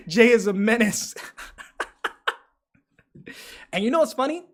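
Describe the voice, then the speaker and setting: A man's voice: extremely high pitch, takes it slowly. A young man hosting a live stream, chatting casually, swearing freely and telling stories with animation while reading out chat. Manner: profane, animated storytelling, reads chat aloud. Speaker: livestream host.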